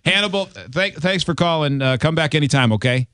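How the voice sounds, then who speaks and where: A man hosting a radio morning show in casual chat, easygoing and quick to laugh. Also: fairly high pitch, expressive, sharp tone, clear, resonant tone, no echo, studio quality.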